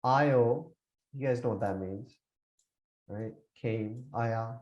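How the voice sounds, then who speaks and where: A man's voice: medium pitch, takes it slowly, a little mellow, highs cut off. Man explaining scripture. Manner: mixes English and Punjabi, repeats words while explaining. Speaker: Sikh scripture teacher.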